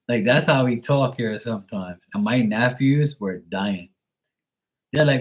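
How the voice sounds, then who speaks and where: Very animated yet slow-paced and pausing often, this Bermudian man speaks in a mid-range voice on his livestream, where he reads tarot live. He chats casually and tells stories, cursing freely and mimicking the way his friends talk.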